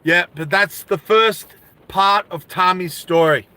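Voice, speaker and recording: A man with a bright, high-pitched voice tells a story in a casual vlog, taking his time. He's animated, laughs, and makes asides to viewers.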